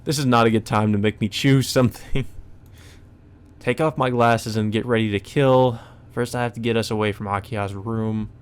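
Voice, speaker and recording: A man hosting a let's play, reading a visual novel aloud and thinking through choices out loud with hesitant fillers and wry asides. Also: mid-range voice, fairly even intonation, normal speed, clean tone. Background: faint game music.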